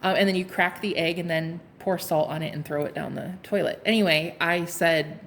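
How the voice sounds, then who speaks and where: A woman's voice: fairly low pitch, steady tone, moderate pace, a bit bright, a little hiss or hum. Sassy laughing woman reading tarot. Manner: sassy and playful, laughs often, swears, calls viewers honey. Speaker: tarot card reader. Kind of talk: casual pick-a-card tarot reading to viewers.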